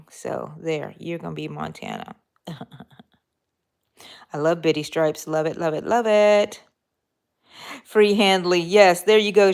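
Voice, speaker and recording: A woman's voice: on the low side, vocal fry, clear, resonant tone. Chatty laid-back woman crocheting live. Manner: chatty, laughing, talks to viewers. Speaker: crochet vlogger. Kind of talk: casual live-stream chat while crocheting.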